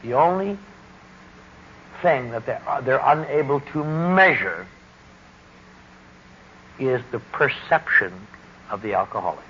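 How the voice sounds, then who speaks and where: Man giving a wry, deliberate recovery talk. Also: medium pitch, expressive, pushed and bright. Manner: deliberate, wry, emphatic speaking. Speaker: speaker at a recovery gathering. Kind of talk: personal testimony talk. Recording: dull lo-fi recording with faint hiss.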